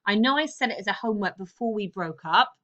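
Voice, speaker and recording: A woman English teacher taking a class through text analysis, brisk and encouraging, repeating key phrases. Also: mid-range voice, expressive, sharp tone, lo-fi sound. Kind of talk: recorded lesson on text analysis.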